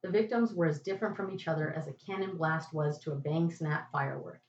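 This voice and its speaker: A woman's voice: low-pitched, brisk, slight background noise. A woman podcast host reading a first-person detective story in a dry, wry narrating voice. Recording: echoey, distant, muffled home recording.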